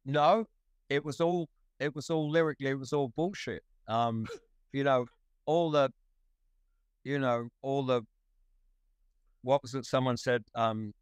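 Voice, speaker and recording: A man's voice: medium pitch, a little slow, long pauses, smooth, dry recording. A man, a musician guest in a podcast interview, rambling and self-deprecating. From Australia.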